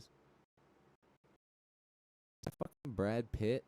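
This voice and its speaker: A young man hosting a livestream, telling rambling, profane stories full of fillers and reacting to chat with loud disbelief. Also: fairly low pitch, normal speed, long pauses. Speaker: livestream host. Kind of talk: casual chat.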